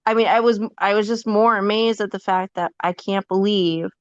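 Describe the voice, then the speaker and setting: A woman's voice: mid-range voice, fairly even intonation, moderate pace, no room sound, lo-fi sound. A woman podcast guest in casual chat, telling a personal story candidly and often laughing.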